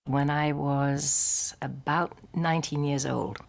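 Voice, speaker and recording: An older woman narrating a documentary and telling personal anecdotes in a poised, measured way. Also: sits low, steady tone, vocal fry.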